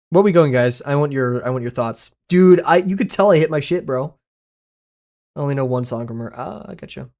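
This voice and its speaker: A streamer chatting casually and excitedly with viewers, laughing often and swearing freely while reacting to chat. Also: mid-range voice.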